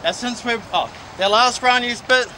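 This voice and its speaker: A man's voice: extremely high pitch, moderate pace, noisy background. A young man spitting an aggressive, mocking battle rap verse outdoors by a skate park. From New Zealand. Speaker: battle rapper.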